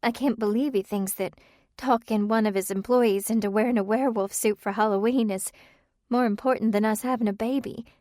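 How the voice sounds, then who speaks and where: A woman voicing an anxious young wife longing for a baby, pleading and tearful, then quick to tease, in a dry audiobook reading. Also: fairly high pitch, steady tone, warm tone, no echo, pitched above the performer's own voice, close to an everyday voice. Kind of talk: audiobook character voice.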